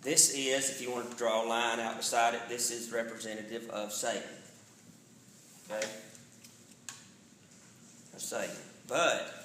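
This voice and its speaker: A man's voice: mid-range voice, flat delivery, measured pace, long pauses, sharp tone, roomy sound, a little hiss or hum, rough recording. A man, a pastor teaching a Bible study in a casual way, often checking in with the room. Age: 40s. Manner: conversational, checks in with "all right?". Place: church sanctuary.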